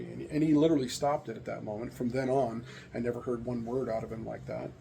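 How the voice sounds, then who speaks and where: A man's voice: medium pitch, little pitch movement, quick pace, gravelly, hardly any pauses, warm tone, a little hiss or hum. A middle-aged American man telling stories and opinions in a rambling, candid casual monologue. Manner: rambling, candid storytelling with frequent fillers. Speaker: vlogger sharing opinions.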